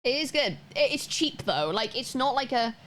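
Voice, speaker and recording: A woman's voice: high voice, big pitch swings, moderate pace, a bit bright, a little hiss or hum. A woman from Wales with a neutral British accent, chatting casually and rambling while streaming a game. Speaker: live streamer. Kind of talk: casual chat while gaming.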